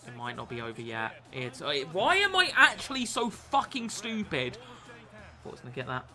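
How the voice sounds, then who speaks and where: Excitable British young man, bright voice. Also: fairly high pitch, moderate pace, soft background music. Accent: British English. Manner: excitable, swearing, self-mocking. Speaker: streamer. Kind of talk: gaming live stream commentary.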